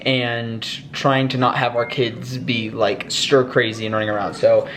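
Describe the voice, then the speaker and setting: A man's voice: mid-range voice, little pitch movement, measured pace, fairly bright tone, slight background noise. A young father talks to his camera at home. He rambles and sounds worried, with lots of little fillers. It is easygoing, casual vlog chat. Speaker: vlogger dad. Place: family home, indoors.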